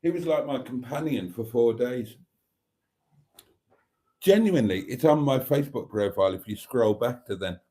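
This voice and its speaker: Mellow-voiced guy rambling cheekily through his live stream comments, talking into his phone at home. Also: medium pitch, animated, moderate pace, pauses often. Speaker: live-stream host reading viewer comments. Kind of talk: casual live-stream chat. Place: home, indoors.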